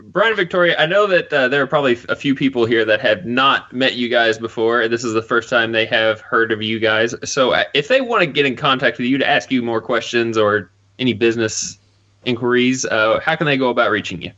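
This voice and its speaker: A man hosts a podcast in an easygoing way, his voice at a medium pitch. He pauses on fillers as he talks. The recording sounds dull and lo-fi. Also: pushed and bright. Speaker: podcast host. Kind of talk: podcast host wrap-up.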